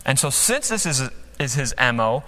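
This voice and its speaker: A man's voice: medium pitch, very animated, moderate pace, bright, forceful tone. A man preaching a sermon as pastor, emphatic, acting out quotes with dramatic rises and drops, speaking from a church stage. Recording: long hall reverb.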